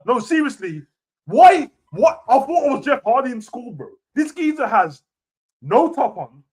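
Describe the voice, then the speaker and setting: A young man rants casually about wrestling, full of slang and swearing, swinging between low mutters and loud outbursts. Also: very animated, a little slow, breathy edge. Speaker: wrestling reaction host. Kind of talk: casual rant.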